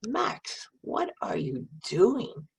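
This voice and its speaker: A woman voicing a gentle, reassuring dog in a children's storybook. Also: medium pitch, huge pitch swings, extremely slow, gravelly, a little hiss or hum, pitched above the performer's own voice, full character voice. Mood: curious. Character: calm kindly dog resting under a tree.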